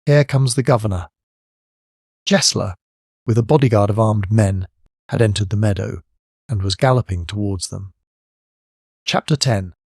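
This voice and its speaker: A man reads a classic tale aloud as an audiobook narrator, in a steady, measured way. His voice is low and sits close to the mic. The sound is dry, with no room around it. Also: dry recording. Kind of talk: scripted narration of a classic story.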